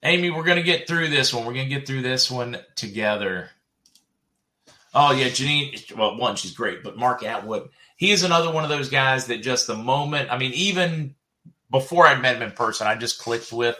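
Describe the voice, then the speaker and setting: A middle-aged man with a Southern US accent hosts a relaxed livestream and reads out viewer comments. His voice is bright and forward, at an ordinary pitch. He laughs easily and hops from one topic to the next. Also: moderate pace. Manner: chatty, laughs often, jumps between comments. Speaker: host reading viewer comments. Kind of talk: casual livestream chat.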